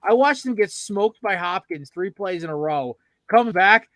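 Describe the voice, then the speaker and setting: A young man hosting a casual sports podcast, talking in an excitable, rambling, profane way. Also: high-pitched, measured pace, no echo. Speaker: podcast host.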